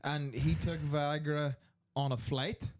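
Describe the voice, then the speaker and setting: A man's voice: on the high side, fairly even intonation, slow, a little hiss or hum. A man bantering on a comedy podcast in a club green room, teasing the others and laughing often. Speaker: podcast guest.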